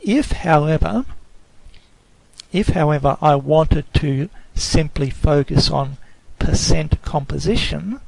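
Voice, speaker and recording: Man, lecturer, screencast tutorial, slow careful delivery, self-corrections, gravelly voice, dry close recording. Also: fairly high pitch, darkish tone, dry recording, low-quality recording.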